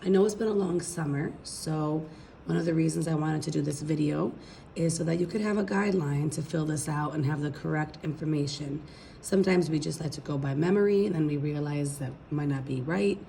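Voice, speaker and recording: A woman's voice: deep voice, brisk, gravelly, warm tone, a little hiss or hum. A woman teaching a recorded language lesson, explaining patiently step by step and checking in with her students. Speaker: Spanish teacher.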